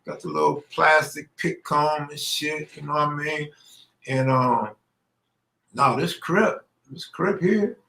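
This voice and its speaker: A man's voice: a little high, takes it slowly, gravelly, pushed and bright. A middle-aged man from Los Angeles telling a true story in a casual, slangy way, acting out the people he quotes. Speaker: storyteller host. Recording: roomy echo.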